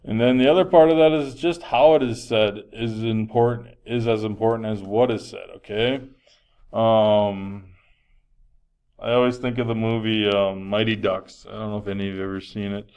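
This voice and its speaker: Male teacher, lower register, resonant, chatty lecture style. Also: fairly even intonation, moderate pace, darkish tone, clear, resonant tone. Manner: conversational, frequent um fillers, projecting voice. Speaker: health teacher. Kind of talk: classroom lecture.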